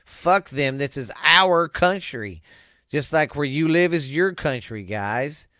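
A man's voice: fairly high pitch, lively intonation, slow, sharp tone, no echo, clean studio sound. A man hosting his own show, ranting angrily at his listeners, swearing constantly and rambling as he goes. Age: adult with children. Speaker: show host. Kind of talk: angry profane rant to listeners.

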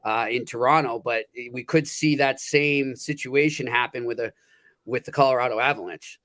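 A man's voice: medium pitch, fairly even intonation, normal speed, a bit bright. A man co-hosting a sports betting podcast in casual chat, often stumbling and repeating words as he starts a thought, with a North American accent. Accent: North American English. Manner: hesitant, repeats words when starting sentences. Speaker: podcast co-host.

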